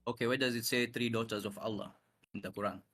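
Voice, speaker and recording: A man's voice: mid-range voice, steady tone, fast, a bit bright. Man insisting on proof in a debate. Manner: insistent, demands proof, reads verses aloud. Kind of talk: heated religious debate.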